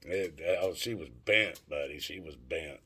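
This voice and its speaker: A man's voice: rumbling low, expressive, unhurried, bright, forceful tone, breathy edge. A middle-aged man telling a story and ranting to his viewers in a rambling, profane, casual way. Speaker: vlogger.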